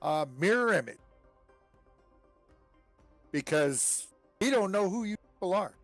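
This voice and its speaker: Male tabletop player, slow, halting delivery. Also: high-pitched, expressive, fairly bright tone, dry recording, faint music behind. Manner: halting, full of "um"s. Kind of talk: describing his character at a tabletop game.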